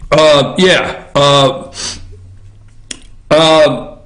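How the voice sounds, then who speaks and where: A man's voice: a little high, extremely slow, long pauses. Blunt, ranting man in an echoey room. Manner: blunt, ranting, emphatic, swears. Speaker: political commentary show host. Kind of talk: opinionated news commentary. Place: office.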